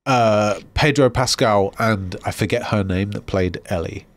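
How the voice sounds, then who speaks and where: A man's voice: fairly low pitch, a little slow. A man co-hosting a podcast, talking in a casual, ranting way and swearing freely. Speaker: podcast co-host.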